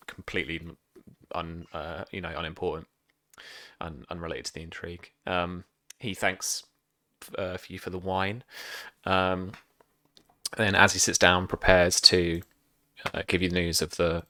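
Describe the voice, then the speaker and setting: A man's voice: low-pitched, bright, forceful tone. A man narrating as game master of a tabletop role-playing game, rambling and hesitant. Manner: rambling, hesitant, many fillers.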